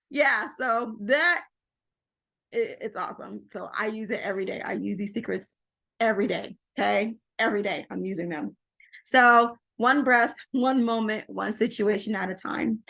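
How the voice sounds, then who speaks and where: Woman, middle-aged, casual advice to camera, animated, laughs often, repeats phrases. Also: medium pitch. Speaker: parenting coach.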